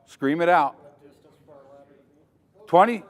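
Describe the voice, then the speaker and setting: A man's voice: a little high, lively intonation, drawn-out words. An older man giving a dramatic safety lecture at a conference, quizzing the audience as he goes. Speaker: safety trainer. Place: conference hall. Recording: long hall reverb.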